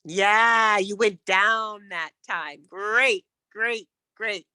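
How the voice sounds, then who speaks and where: A woman coaching speakers in an online workshop, encouraging them and demonstrating how to end sentences with a falling pitch. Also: very slow, sharp tone, clear, resonant tone, dry recording.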